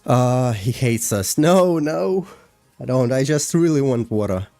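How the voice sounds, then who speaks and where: A man's voice: mid-range voice, moderate pace, dark tone, dry recording. A man casually chatting on a livestream while walking through his animation work, hesitant with many fillers. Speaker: animator streaming a breakdown. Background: faint music.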